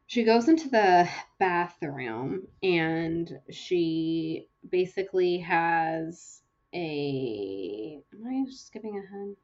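A young woman co-hosting a casual book podcast, retelling chapters in a chatty, lively way with lots of fillers. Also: on the low side, lo-fi sound. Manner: chatty, animated storytelling with fillers. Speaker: podcast co-host.

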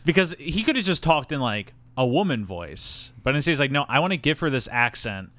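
Bright lively guy chatting on a podcast, telling trivia. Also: mid-range voice, fairly quick, no echo. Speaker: podcast co-host. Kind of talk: casual chat.

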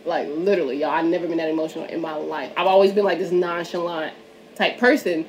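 A woman's voice: on the low side, fairly even intonation, fast talker, a little hiss or hum. A woman hosting a casual podcast chat, talking candidly, swearing and laughing often. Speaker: podcast host.

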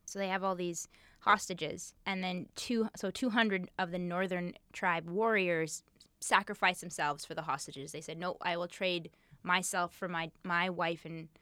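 Low-voiced woman telling history on a podcast. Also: steady tone, unhurried, pushed and bright, smooth, no room sound. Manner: storytelling, swears freely, laughs often. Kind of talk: casual podcast chat.

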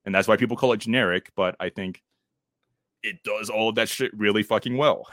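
A man with a fairly low voice co-hosts a laid-back podcast, chuckling often and swearing freely as he talks. His voice sits close to the mic in a dry, dead-sounding space. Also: a little fast, fairly bright tone, no echo. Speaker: podcast co-host. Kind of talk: casual podcast chat.

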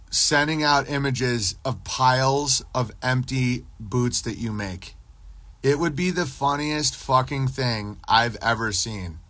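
This man's mid-range voice is bright and forceful, caught in a dry recording. Rambling loosely and profanely on his podcast livestream, he jumps around topics, replies to chat, and does mocking impressions.

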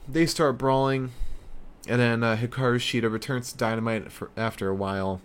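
A man's voice: mid-range voice, brisk, smooth. A man giving a casual video recap of a wrestling show, loose and chatty, with plenty of fillers.

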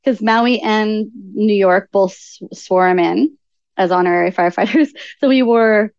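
A woman guest on an interview podcast, telling stories in an animated way and acting out what people said. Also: medium pitch, measured pace, dry recording, lo-fi sound. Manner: animated storyteller acting out quoted speech. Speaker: podcast guest, author and nutritional coach. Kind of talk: conversational interview storytelling.

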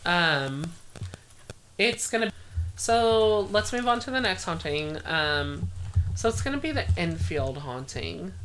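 A woman's voice: fairly low pitch, sing-song, slow pace, fairly bright tone, a little hiss or hum. A young adult woman co-hosting a casual podcast, retelling a haunting story in a chatty, joking way and swearing now and then.

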